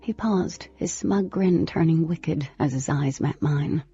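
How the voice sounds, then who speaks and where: A woman narrating a first-person novel in an expressive, animated way. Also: deep voice, unhurried, breathy edge. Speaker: audiobook narrator. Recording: slightly lo-fi with faint music.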